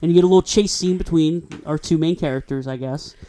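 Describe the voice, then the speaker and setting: A man's voice: on the high side, quick pace, warm tone. A man co-hosting a casual movie-review podcast, laid-back and agreeable as he walks through the plot. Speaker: podcast co-host.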